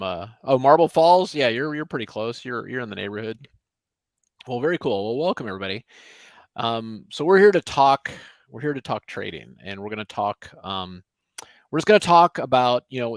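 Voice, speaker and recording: A man hosts a live online webinar, chatting loosely and greeting viewers. He rambles in a friendly way with plenty of fillers and restarts. His voice sits at an ordinary pitch and sounds dry and close. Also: no echo. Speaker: trading webinar host. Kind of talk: casual live webinar talk. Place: home office in Austin.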